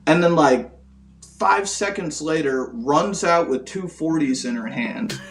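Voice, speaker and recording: A man's voice: fairly high pitch, lively intonation, a little slow. A man guest telling a long story in a casual, rambling, profane way, full of fillers. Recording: roomy, distant mic, faint music.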